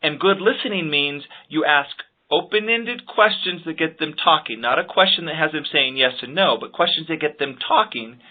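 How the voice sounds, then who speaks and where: A man's voice: on the high side, lively intonation, normal speed, few pauses. A man teaching staff how to handle phone calls, speaking earnestly and with emphasis, often repeating words as he starts a point. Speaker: sales trainer. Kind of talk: podcast instruction on phone skills. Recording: phone-like lo-fi audio.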